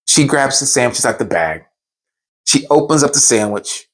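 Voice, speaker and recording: A man telling a funny true story in a casual, conversational way. His pitch is very lively and swings widely. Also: moderate pace. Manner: animated, conversational. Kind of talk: comedic storytime.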